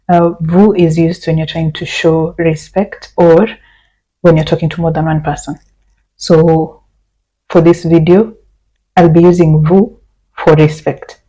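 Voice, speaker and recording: Calm woman teaching beginner French. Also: lowish voice, unhurried, rough recording. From Kenya. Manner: patient, step-by-step explaining with repeated example phrases. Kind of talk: language lesson.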